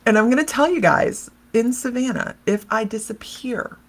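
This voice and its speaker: Husky-voiced woman chatting on a livestream. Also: fairly high pitch, moderate pace. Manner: chatty and rambling, laughs often; talks straight to viewers by name. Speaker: psychic medium. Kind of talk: casual livestream chat reading viewer comments.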